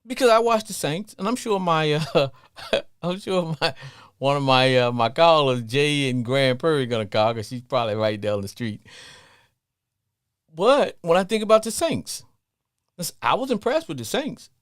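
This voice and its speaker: A middle-aged man with a Southern accent hosting a casual sports talk radio show, playful and animated. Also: a little high, moderate pace, clean tone, dry recording, clean studio sound. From Southern US, family from Louisiana. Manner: animated, playful, breaks into song snippets.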